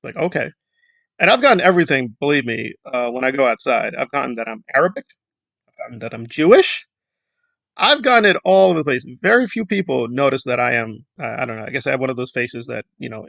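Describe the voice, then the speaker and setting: A man's voice: medium pitch, gravelly, fairly bright tone, dry recording. A man from Central America giving a rambling, sarcastic commentary monologue with mocking asides. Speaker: commentary YouTuber.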